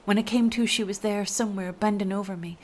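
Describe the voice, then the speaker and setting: A woman's voice: mid-range voice, fairly even intonation, quick pace, darkish tone. A woman telling a first-person story aloud, emotional, dropping to whispers at tense moments.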